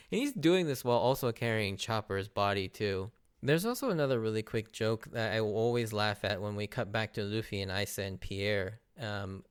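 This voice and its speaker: A man with a smooth, medium-pitched voice runs a podcast where he recaps anime episodes. The vibe is casual and enthusiastic, broken up by frequent laughs and his takes on the characters' lines.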